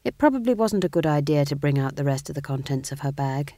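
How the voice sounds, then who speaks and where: Woman reading a story, low voice, slow and measured, dry close sound. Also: animated, mellow, no room sound. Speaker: audiobook narrator. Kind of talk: storybook narration.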